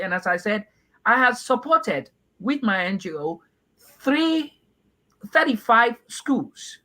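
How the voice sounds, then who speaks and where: A middle-aged Ghanaian man from Ghana, giving earnest, measured interview answers with frequent restarts. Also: extremely high pitch, very animated, sharp tone, poor audio. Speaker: party aspirant guest.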